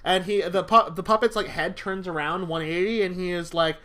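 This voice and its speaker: A man narrating a tabletop game as game master, animated and hesitant with many fillers. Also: high voice, fairly quick.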